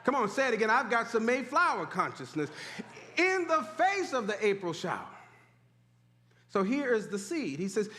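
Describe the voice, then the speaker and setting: A man preaching a sermon in animated call-and-response style, urging the congregation to repeat after him. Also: high-pitched, normal speed, a little hiss or hum. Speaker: pastor. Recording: echoey hall.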